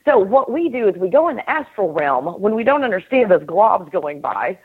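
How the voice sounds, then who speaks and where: A middle-aged woman hosting a casual spiritual conversation, earnest and animated, laughing often and acting out inner voices. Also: medium pitch, normal speed, husky. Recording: tinny phone-line call audio.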